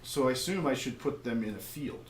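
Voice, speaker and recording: A man's voice: mid-range voice, lively intonation, a little fast, reverberant, poor audio. A man playing a board game with friends, asking questions in a casual, curious way. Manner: curious, asks lots of questions. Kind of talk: casual game-night chat.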